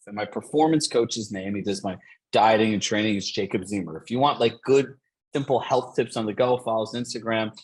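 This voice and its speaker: A man coaching real estate agents in a motivational session, upbeat and energetic, dropping in "right?" and "like". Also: lowish voice, brisk, slightly rough, poor audio.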